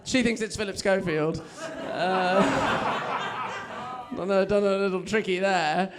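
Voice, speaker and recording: This young English comic has a high, steady voice and talks a little slowly, joking at his own expense and laughing along during a club stand-up set. The recording is very noisy, with a live audience present.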